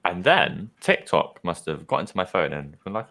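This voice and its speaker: Animated low-voiced man telling a story. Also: moderate pace, gravelly, hardly any pauses. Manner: animated storyteller, laughs often. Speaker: podcast co-host. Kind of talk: casual chat.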